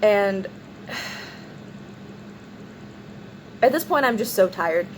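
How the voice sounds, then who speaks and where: This vlogger is a woman whose mid-range voice moves extremely slowly over a rough recording with slight hiss or hum. Casual and rambling, she retells a long personal story with animation, packing in plenty of "like"s and acting out other people's quotes.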